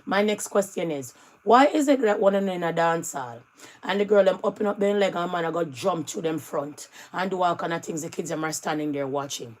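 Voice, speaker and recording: Lower-voiced Jamaican woman, pointed questions. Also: fairly quick, low-quality recording. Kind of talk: live stream commentary.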